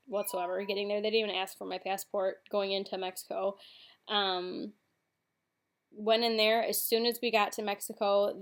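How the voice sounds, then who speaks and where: A young woman casually telling a personal story in a vlog, chatty and full of fillers. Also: medium pitch. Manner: chatty, frequent fillers and "like", recounts in quick sequence. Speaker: vlogger.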